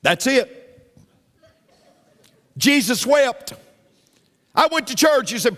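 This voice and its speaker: A man preaches from the pulpit in a high, swooping voice, hammering home his points through repetition and turning often to the congregation with asides. The room carries a long reverberant tail, as in a large sanctuary. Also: very animated, unhurried, pauses often, fairly bright tone. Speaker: pastor. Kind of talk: sermon.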